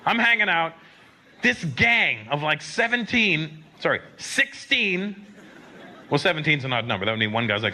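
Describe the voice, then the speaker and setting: Male North American comic, lively stage storyteller, bright and high. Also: measured pace, long pauses, slight background noise. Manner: animated storytelling with swearing asides. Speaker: stand-up comedian. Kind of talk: stand-up comedy.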